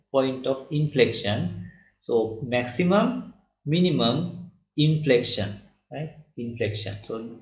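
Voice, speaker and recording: A man teaching math in a recorded lecture, explaining slowly and checking in with "right?" again and again. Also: fairly high pitch. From Sri Lanka. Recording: lo-fi echoey room.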